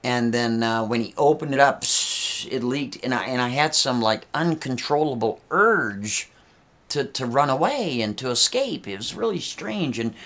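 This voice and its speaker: A man's voice: medium pitch, lively intonation, moderate pace, a bit bright. A man voicing a nervous young man who rambles and stammers defensively. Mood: rambling. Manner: rambling, hesitant, with stammered restarts.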